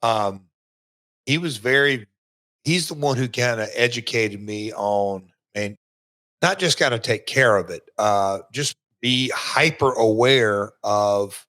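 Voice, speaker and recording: Middle-aged Southern male host, bright voice, halting conversational delivery. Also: medium pitch. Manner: halting, lots of fillers and restarts. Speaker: podcast host, former wrestler. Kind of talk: casual chat.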